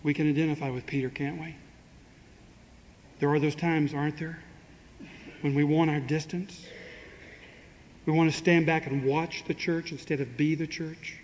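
A man's voice: a little high, flat delivery, normal speed, long pauses, darkish tone. A man preaching a sermon in a conversational way, asking his congregation rhetorical questions and acting out quoted speech with dry humor. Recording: long hall reverb, faint ambient noise.

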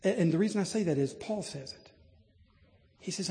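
A male preacher delivers a sermon in a large church, his voice sitting a little high. He tells stories earnestly and climbs to animated emphasis. Every word trails off into the long reverb of the sanctuary. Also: fairly quick.

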